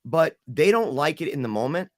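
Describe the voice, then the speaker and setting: Animated man retelling a hard story. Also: a little high, a little fast, no room sound, clean studio sound. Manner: animated, acts out quoted voices. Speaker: podcast guest. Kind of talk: emotional storytelling.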